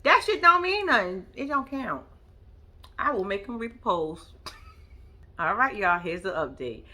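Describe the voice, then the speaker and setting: Sassy, lively woman recapping reality TV. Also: medium pitch, a little slow. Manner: sassy, blunt, profane and animated, talks straight to viewers. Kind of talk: casual recap commentary.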